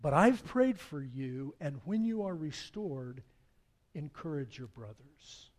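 A man's voice: on the high side, sing-song, takes it slowly, darkish tone, exaggerated voice. A man voicing God in a sermon, solemn and tender, calling people by name twice over. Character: God, tender yet stern male divine voice.

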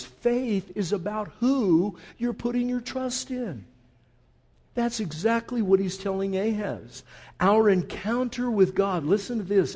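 A man preaching a conversational sermon, calling listeners folks and swinging from quiet intensity to loud emphasis. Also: sits high. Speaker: pastor.

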